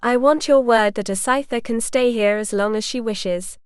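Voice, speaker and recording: A woman voicing a proud, stubborn young noblewoman who speaks indignantly and with a sharp tongue. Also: fairly high pitch, normal speed, clean tone, no room sound, studio quality, natural voice.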